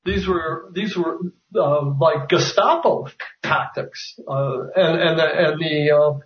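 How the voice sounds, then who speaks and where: Halting, roomy-sounding man. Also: fairly high pitch. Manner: hesitant, many fillers and restarts. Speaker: author guest. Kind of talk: conversational interview. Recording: roomy, distant, dull sound.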